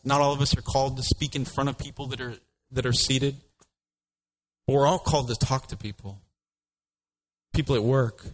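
A man preaching a sermon as pastor, lively and joking, acting out voices of biblical figures. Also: medium pitch, poor audio.

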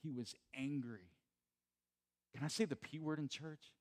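A man's voice: fairly high pitch, unhurried, darkish tone. Male pastor preaching in church, conversational, stumbles over words, builds to emphatic peaks. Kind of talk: sermon.

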